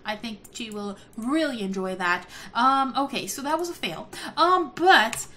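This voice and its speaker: A woman hosting a let's-play video, giving excitable casual commentary, gasping and laughing often. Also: fairly high pitch, measured pace, a little hiss or hum. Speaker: gaming video host.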